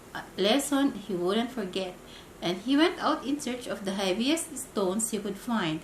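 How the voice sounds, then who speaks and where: Animated woman reading a bedtime story. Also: mid-range voice, roomy sound, slight background noise, rough recording.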